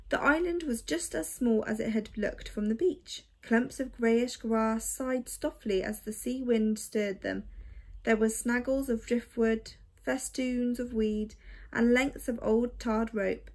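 A woman reading a children's story aloud in a measured, expressive way. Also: fairly high pitch.

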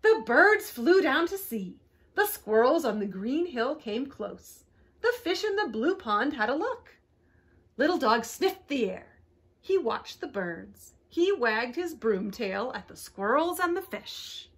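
A woman librarian reading picture books aloud to young children, animated and expressive, inviting them to join in. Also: high voice, takes it slowly, slightly rough. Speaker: librarian storyteller.

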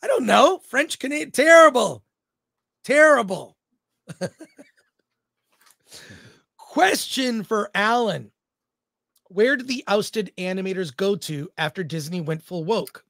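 A man's voice: sits high, lively intonation, takes it slowly, vocal fry, pauses often, fairly bright tone, dry recording, clean studio sound. A man co-hosting a film talk livestream, joking and reading viewer comments aloud. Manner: talkative, jokey, reads chat aloud. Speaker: co-host of a film talk show. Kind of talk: casual livestream chat.

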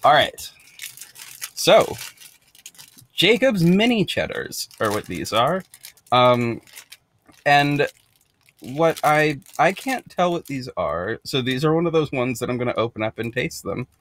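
An American podcast host chatting casually while unboxing, bubbly, rambling and quick to giggle. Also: male voice, medium pitch, big pitch swings, a bit bright.

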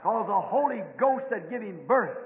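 A man preaching a sermon, who tells a story in low tones and then rises to shouted exhortation. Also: expressive, normal speed. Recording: tinny old recording in echoing hall.

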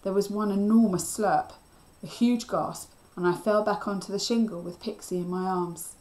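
A woman teacher reading a children's novel aloud with steady storytelling. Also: medium pitch, moderate pace.

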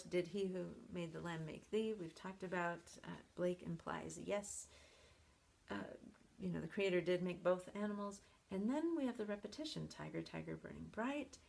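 A woman's voice: mid-range voice, vocal fry, a little mellow, breathy edge. A woman college professor explaining a poem to viewers, speaking thoughtfully with frequent fillers and restarts.

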